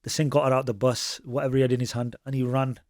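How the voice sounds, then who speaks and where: A man's voice: mid-range voice, little pitch movement, fast talker, a little mellow, dry recording, studio quality. A man, a Sikh preacher telling stories in conversation and mixing Punjabi phrases into his with frequent restarts. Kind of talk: conversational storytelling.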